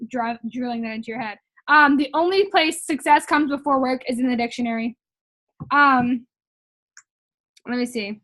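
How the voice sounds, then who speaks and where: Chatty high-voiced young woman. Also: normal speed, pauses often, fairly bright tone. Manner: chatty and emphatic, heavy use of "like" and "um". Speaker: vlogger sharing sales training notes. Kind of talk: casual motivational vlog.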